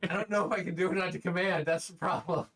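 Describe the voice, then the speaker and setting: A man playing a tabletop game, a bit self-conscious and rushed when put on the spot. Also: high-pitched, fairly even intonation, fairly bright tone. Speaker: player.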